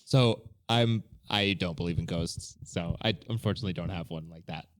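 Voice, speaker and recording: A man on a casual podcast chat, making dry, deadpan jokes. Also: low voice, normal speed.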